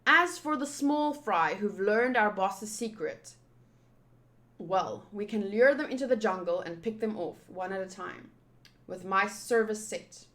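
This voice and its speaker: A gloating, snickering villain, as a woman reading a comic aloud puts him on. He speaks in a sly, lowered voice with a bright edge, plotting slowly. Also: expressive. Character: sneaky scheming villain man, smug.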